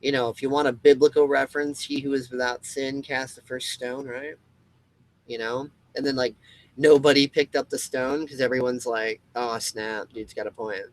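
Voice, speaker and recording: Over a low-quality recording, a show host with a mid-range voice talks at normal speed with little pitch variation. His monologue is impassioned and wandering, emphatic and full of swearing, restarts, and mocking imitations of quoted voices.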